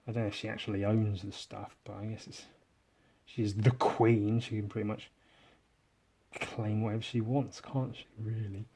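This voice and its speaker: A man with an English accent, hosting a drawing podcast in casual, rambling chat, sarcastic and self-mocking, often trailing off quietly. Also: on the low side, level tone, moderate pace, husky.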